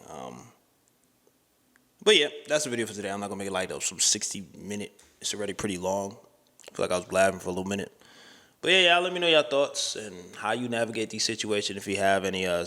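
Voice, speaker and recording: A man's voice: lowish voice, a bit bright. A man talking candidly and casually to the camera in a rambling, slangy vlog. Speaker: vlogger. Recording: long hall reverb.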